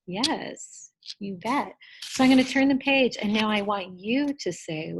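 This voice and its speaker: A woman teacher giving a gentle, encouraging lesson to young children and asking them questions. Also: medium pitch, expressive, measured pace, slightly rough, rough recording.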